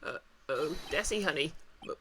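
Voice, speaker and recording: A man's voice: a little high, normal speed, pushed and bright, a little hiss or hum. A man voicing a nervous young man in a game read-aloud, mumbling and hesitant. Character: meek, nervous young man eager to confess.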